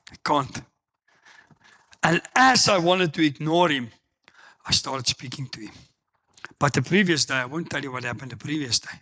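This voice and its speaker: A middle-aged South African man preaching a sermon, telling personal stories and acting out the dialogue with loud exclamations. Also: fairly high pitch. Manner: animated storytelling, acts out dialogue, exclaims loudly. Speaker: pastor.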